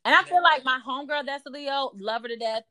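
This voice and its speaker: A woman's voice: high voice, fast. A woman in casual chat, telling a dating story with emphatic repetition and mocking impressions of others. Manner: animated, emphatic, repeats phrases, mimics others in mocking voices.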